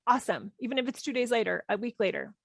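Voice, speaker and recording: A woman in her thirties hosting a parenting podcast, talking calmly and reflectively, gently repeating key phrases. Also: a little high, fast talker, vocal fry, no room sound. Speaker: parenting coach and podcast host. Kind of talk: reflective solo podcast talk.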